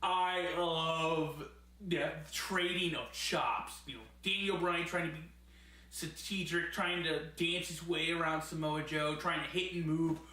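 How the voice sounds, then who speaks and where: A man's voice: on the high side, steady tone, a little slow, sharp tone. A man giving a casual, enthusiastic spoken review as a host, rambling at times and laughing often. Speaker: wrestling show reviewer. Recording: very echoey room.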